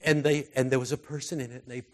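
A man preaching a sermon through personal stories, earnest and heartfelt, his voice often dropping soft and quiet. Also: mid-range voice, level tone, fast talker.

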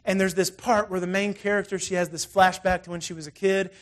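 Animated, high-voiced male preacher. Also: brisk. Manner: conversational, animated storytelling with frequent asides. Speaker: pastor. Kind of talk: sermon.

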